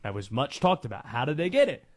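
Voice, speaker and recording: A man's voice: mid-range voice, very animated, fast. A man hosting a sports talk radio show, speaking in emphatic, punchy short phrases.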